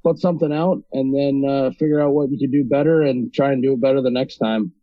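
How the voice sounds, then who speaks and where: A man's voice: medium pitch, fairly even intonation, fast, dry recording, dull audio. A man from North Dakota talking as a podcast guest in a casual interview, hesitant with many ums and restarts. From North Dakota, USA. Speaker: podcast guest, video creator.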